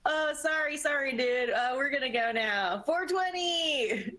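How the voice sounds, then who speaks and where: A woman playing a slangy, flippant woman putting on a drunk act to dodge trouble. Her voice is bright and sharp, and she drawls slowly. It is a tabletop game character. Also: high-pitched, voice pushed up. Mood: fake-drunk.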